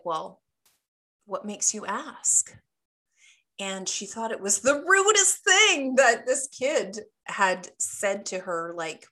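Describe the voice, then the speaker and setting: Woman, middle-aged, radio host and coach; bright voice, casual storytelling patter. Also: fairly low pitch. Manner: chatty, animated storytelling with acted quotes.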